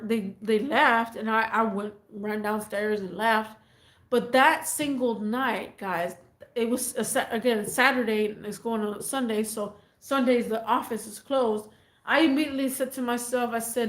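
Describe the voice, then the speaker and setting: Woman, casual storytime, rambling, animated, echoey room. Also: a little high. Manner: chatty, rambling, animated retelling. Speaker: vlogger.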